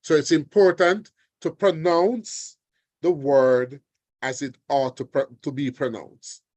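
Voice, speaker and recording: A man teaching an online exam revision lesson, deliberate and often checking in with his students. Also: fairly high pitch, fairly even intonation, darkish tone, no room sound. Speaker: language teacher. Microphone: video call.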